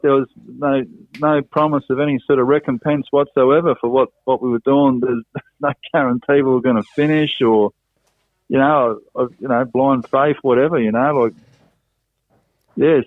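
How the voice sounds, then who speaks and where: A man's voice: mid-range voice, no echo. A man, a podcast guest talking in a rambling casual way, padding his sentences with "you know" and "and that". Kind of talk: casual chat. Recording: phone-like narrow line, dry.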